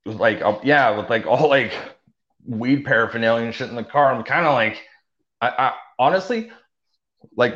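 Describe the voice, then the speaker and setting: With a mid-range, slightly bright voice, a young man rambles casually through his story as an interview guest, filling it with fillers and false starts. The recording sounds dull and lo-fi.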